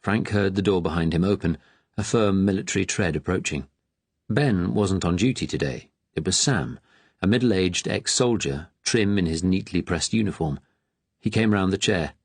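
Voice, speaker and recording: A man narrates an audiobook in a measured, grave manner. His voice is deep and slightly husky. The recording is close and dry. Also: no room sound. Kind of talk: scripted narration.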